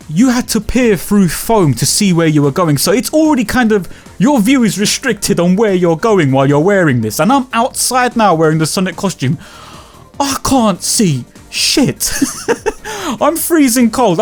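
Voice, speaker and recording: Casual storyteller, man, slightly high voice, animated and sweary, faint music bed under him. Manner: animated, swears freely, slangy, acts out quotes. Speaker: YouTuber telling a story.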